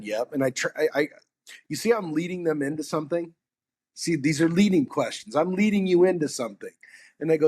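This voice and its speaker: Husky man telling sales stories. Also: a little high, quick pace. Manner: animated storyteller acting out customer dialogue. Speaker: sales podcast guest. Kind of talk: casual sales talk.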